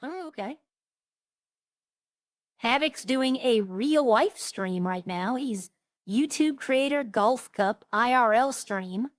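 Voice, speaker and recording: A woman's voice: fairly high pitch, lively intonation, slow pace, no room sound, studio quality. A woman streaming a game, chatting casually with viewers and thinking aloud in a rambling way. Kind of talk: casual gameplay chat to viewers.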